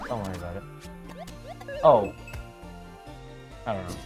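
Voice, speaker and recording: A man's voice: sits low, a little slow, soft background music. A man from Canada in a casual gaming chat, matter-of-factly explaining tech and correcting his friend. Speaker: guest streamer.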